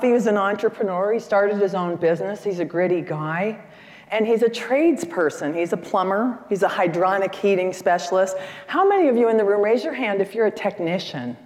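A woman in her sixties giving a lively, chatty seminar talk and questioning the audience from the stage. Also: mid-range voice. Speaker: seminar speaker. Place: conference hall stage. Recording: echoey hall.

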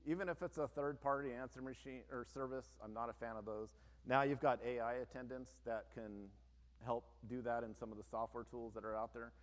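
A man's voice: medium pitch, steady tone, brisk. A man who owns a business, giving an informal, plain-spoken presentation to an audience, with frequent conversational asides. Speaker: business owner giving a talk. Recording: long reverb of a large hall.

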